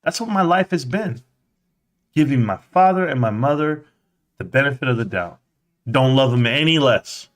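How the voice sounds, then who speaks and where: A man hosting a livestream, telling a personal story in a casual, animated way, jumping into a higher voice to act out quotes. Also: moderate pace. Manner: animated, acts out quotes in a high voice; conversational, with fillers and restarts. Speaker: livestream host.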